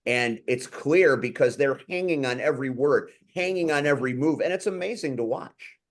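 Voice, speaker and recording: A man hosting a casual podcast, talking enthusiastically and rambling a little. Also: medium pitch. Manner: enthusiastic, rambling, quick to laugh. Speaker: podcast host. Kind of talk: casual chat.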